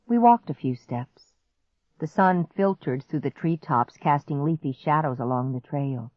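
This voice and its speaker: A woman narrating a children's story in the first person, slow and expressive. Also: sits low, no echo. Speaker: audiobook narrator. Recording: dry, slightly muffled audiobook recording.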